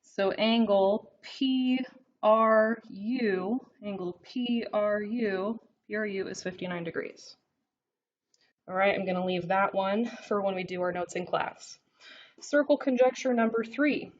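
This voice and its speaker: A medium-pitched woman teaches a math lesson while writing, working through her notes and checking in with frequent "okay?"s. The recording is slightly dull and lo-fi, with a little hiss or hum.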